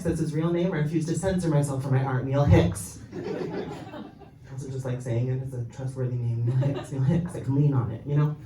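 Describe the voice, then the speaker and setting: A man's voice: mid-range voice, background noise. A young man doing a stand-up set, rambling with fillers and chuckling at his own jokes. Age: young adult. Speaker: stand-up comedian. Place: comedy club stage. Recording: roomy live-show sound, mic off at a distance. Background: audience laughing.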